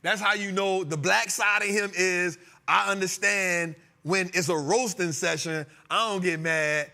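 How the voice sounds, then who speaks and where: A man's voice: sits high, a little slow, creaky. A male host talking stocks in a loose, joking way, laughing and teasing his crew. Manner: animated, joking, laughing often. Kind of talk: comedic finance talk show.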